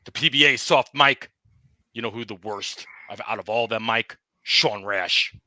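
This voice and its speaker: Man doing a sore, trash-talking bowling ball, very bright tense voice, dry close sound, comedy podcast bit. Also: fairly low pitch, normal speed, dry recording. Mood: defiant. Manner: boastful trash talk, repeats the host's name. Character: aggrieved urethane bowling ball, tough-talking male. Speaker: guest.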